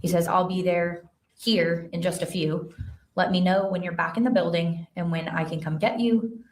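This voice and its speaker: A woman witness testifies in a courtroom, her voice set somewhat low and heard from a distance. She reads out messages in a careful, matter-of-fact way, pausing on the odd filler, while the room adds a roomy echo around her. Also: fairly even intonation. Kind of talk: courtroom testimony, reading texts aloud. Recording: echoey courtroom sound from far off the mic.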